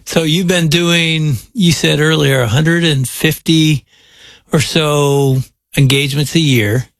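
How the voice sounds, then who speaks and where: A man hosting an interview, speaking in a measured, reflective way. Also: fairly high pitch, fairly even intonation, dry recording, clean studio sound. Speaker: host. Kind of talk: interview host.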